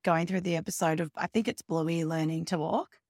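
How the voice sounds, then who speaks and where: A woman hosting a podcast interview, enthusiastic and quick to react. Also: lowish voice, fairly even intonation, gravelly, a little mellow, dry recording, clean studio sound. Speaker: podcast host.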